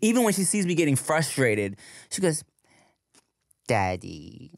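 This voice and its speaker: A man's voice: fairly high pitch, big pitch swings, a little fast, dry recording, clean studio sound. A man co-hosting a casual podcast chat, telling stories in slangy talk and laughing often. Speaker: podcast co-host.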